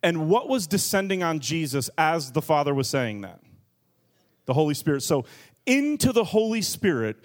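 Pastor, male, slightly high voice, lively and jokey, punches key words. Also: moderate pace. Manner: lively, joking and emphatic, stressing key words. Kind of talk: sermon.

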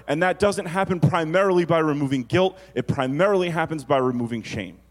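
A pastor preaches with a voice on the high side, moving from rapid narration of stories into slow, elongated emphasis on the phrases that matter most.

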